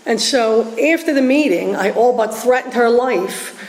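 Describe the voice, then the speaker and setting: A woman with a Philadelphia accent giving a personal testimony to a meeting, animated and acting out voices, laughing often. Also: fairly high pitch, unhurried. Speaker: recovery meeting speaker. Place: meeting hall. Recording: roomy hall echo, faint background hum.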